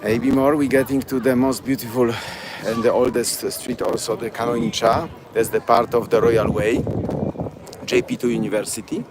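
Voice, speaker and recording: On a nighttime live-streamed walking tour outdoors in the city, a man with a Polish accent talks in broken, chatty English, repeating place names. His medium-pitched delivery is flat and moderately paced, with street noise in the background.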